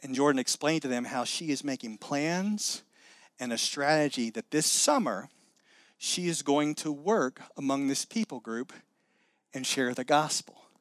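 A middle-aged man preaching a sermon, animated, acting out quoted voices with many restarts. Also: mid-range voice, unhurried, no room sound. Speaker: pastor.

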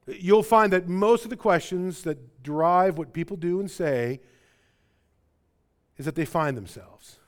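Animated Chicago-area male preacher. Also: unhurried. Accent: Chicago-area American. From American Midwest. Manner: animated, swings between loud emphatic and quiet low passages; stumbles and repeats words when excited. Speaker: pastor. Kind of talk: sermon.

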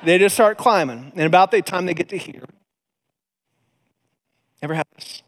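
Animated preacher in a big hall. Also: male voice, sits high, normal speed. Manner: animated, conversational, acts out voices in quotes. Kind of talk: storytelling sermon. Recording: long hall reverb.

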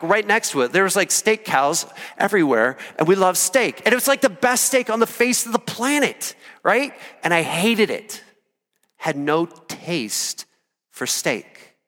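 A male pastor from Iowa delivering an impassioned sermon, swinging between shouted peaks and quiet, intimate stretches. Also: on the high side. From Iowa, USA. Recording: long reverb of a church hall.

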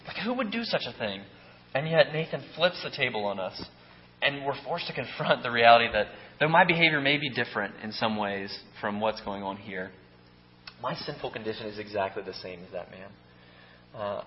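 A man preaching a sermon in a loose, conversational way, often checking in with "right?" and restarting his sentences. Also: medium pitch. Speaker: pastor. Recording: echoey hall, dull lo-fi sound.

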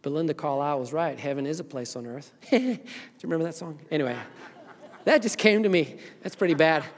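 Middle-aged Zimbabwean-accented male pastor, fairly high voice, long church reverb; swings between fervent volume and soft earnest asides. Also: fairly quick. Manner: swings from loud preaching to quiet, earnest talk. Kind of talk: sermon. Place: church sanctuary.

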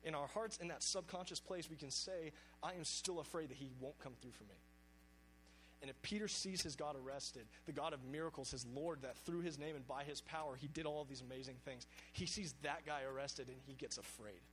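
A male preacher delivers an earnest sermon in a somewhat high voice. He reads scripture with weight and emphasis. A faint hum runs under the recording. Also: brisk, hardly any pauses, a bit bright, poor audio.

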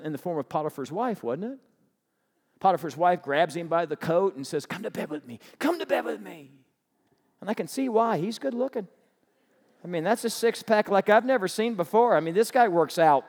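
A man preaching a sermon as pastor, animated and humorous, firing rhetorical questions at the congregation. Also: sits high, in a large hall.

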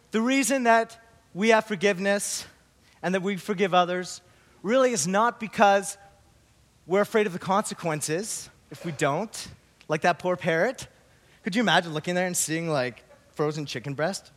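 A man pastor giving a sermon, opening with a story and then preaching slowly and earnestly. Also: high voice, a bit bright.

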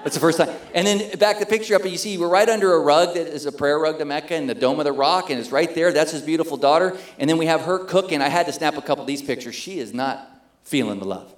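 A middle-aged man pastor telling a story in a sermon, animated and acting out the voices of the people in it. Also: on the high side, quick pace, echoey room. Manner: animated, acts out quoted voices.

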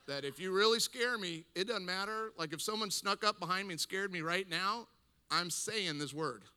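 Animated bright-voiced man telling a story. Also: sits high, normal speed, clean tone, big-room sound. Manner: animated, acts out quoted voices, laughs often. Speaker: speaker at a men's gathering. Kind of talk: humorous storytelling talk.

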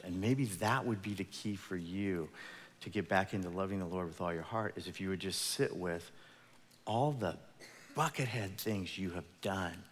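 A man preaches a relaxed, conversational sermon, his voice sitting on the low side. He retells scripture as casual storytelling in everyday words. A long reverb trails after him, as in a large church hall. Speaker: pastor.

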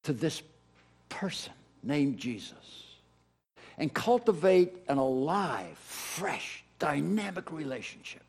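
A middle-aged pastor with a husky, slightly high voice preaches at a slow pace, emphatic and animated, returning again and again to his key phrases.

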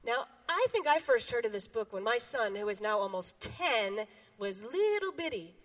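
A woman in her forties with a very high, lively voice leads a children's message in a church sanctuary. She reads a picture book as an animated, expressive storyteller, her pitch bouncing all over. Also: normal speed. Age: 40s. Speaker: children's sermon leader.

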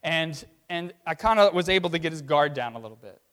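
A man's voice: on the high side, animated, a little fast, a bit bright. A middle-aged man from Virginia, a pastor preaching a sermon in a conversational, storytelling way, often checking in with his listeners. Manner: conversational storytelling with tag questions.

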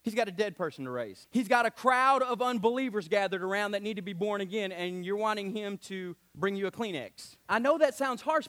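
A man with a very high voice preaches to his congregation in a church sanctuary. He delivers an animated sermon, dropping in frequent amens and slipping into whiny put-on voices to mock his listeners. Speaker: pastor.

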